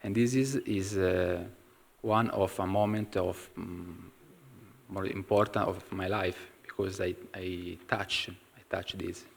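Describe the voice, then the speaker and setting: A man with an Italian accent giving an informal talk to a class, pausing often and searching for words in English. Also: sits low, steady tone, gravelly. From Italy. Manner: halting, searching for English words with many fillers. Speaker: community member sharing a story. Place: temple hall.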